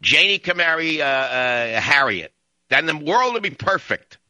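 A man's voice: a little high, sing-song, a little slow, pushed and bright, no room sound. A man hosting a talk radio show, ranting and sarcastic as he cuts in on callers. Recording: dull lo-fi broadcast audio.

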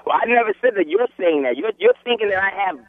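A man's voice: high voice, lively intonation, quick pace, dry recording. A man with a New York accent calling into a radio show, defensive and argumentative. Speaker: caller. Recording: tinny phone line into radio.

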